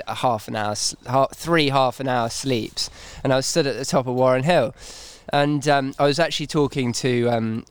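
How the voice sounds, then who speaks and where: Man, racehorse trainer, casual storytelling, stammering restarts, smooth clear voice. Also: mid-range voice, no room sound. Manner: animated storyteller, stammering restarts, laughing through anecdotes. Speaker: racehorse trainer and podcast co-host.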